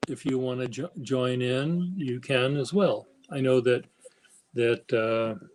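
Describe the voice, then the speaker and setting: A man hosting a casual stream chat, speaking slowly and haltingly in a flat, even tone. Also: mid-range voice, a little hiss or hum, low-quality recording. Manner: slow, halting, self-described monotone. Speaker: stream host.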